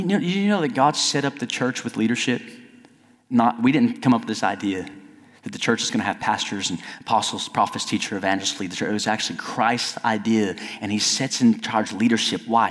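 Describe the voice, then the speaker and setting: A middle-aged male pastor preaching a sermon in a conversational style, at times climbing to near-shouting. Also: lowish voice. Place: church sanctuary. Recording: long reverb of a church hall.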